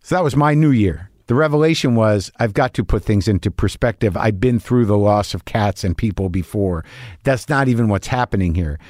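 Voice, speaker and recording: A man's voice: fairly low pitch, lively intonation, fairly quick, darkish tone, dry recording, clean studio sound. A middle-aged man hosting a podcast, talking in a profane, anxious, rambling casual monologue. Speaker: podcast host.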